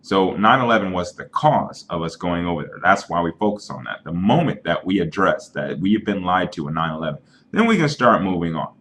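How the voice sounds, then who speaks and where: A man with a fairly low voice talks straight into his webcam from home, earnest and argumentative. He builds his point through homespun analogies in loose, unscripted speech, and the webcam mic captures his voice in a plain indoor room. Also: big pitch swings, brisk, a bit bright, slight background noise. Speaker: vlogger. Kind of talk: casual webcam rant.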